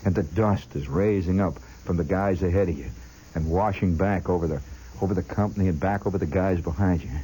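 A man's voice: deep voice, fairly quick, dark tone, a little hiss or hum, low-quality recording. A man telling a long personal story as a chatty monologue, talking straight to the listener and mimicking sounds along the way. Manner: chatty, addresses the listener directly; imitates sounds with his voice.

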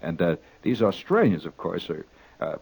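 A man telling a rambling, exaggerated comic anecdote, halting with restarts and repeats. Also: sits low, vocal fry, husky, rough recording. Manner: animated, exaggerating storyteller.

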